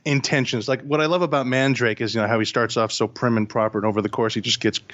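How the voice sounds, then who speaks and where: A man's voice: mid-range voice, fairly even intonation, quick pace, a bit bright. Fields: Sex: man. Role: podcast co-host. Style: casual film review chat. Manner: enthusiastic, stumbling restarts. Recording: dull, lo-fi. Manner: enthusiastic, repeats words as he thinks.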